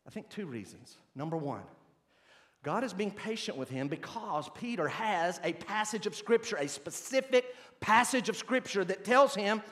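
A man preaching a sermon in a folksy, animated, conversational way. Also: sits high, moderate pace. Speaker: pastor.

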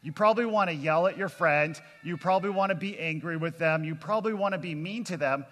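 A man's voice: fairly high pitch, quick pace, a bit bright. A man preaching at a kids camp, earnest and plainspoken, speaking to both children and adults. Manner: earnest, plainspoken, calls out to the crowd. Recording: long hall reverb.

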